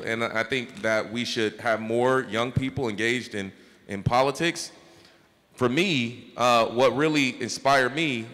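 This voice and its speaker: A man's voice: medium pitch, a bit bright. A man in his thirties, a mayor, giving earnest, encouraging advice to young people at a town hall, often checking in with "right?". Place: large school hall. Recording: echoey hall reverb.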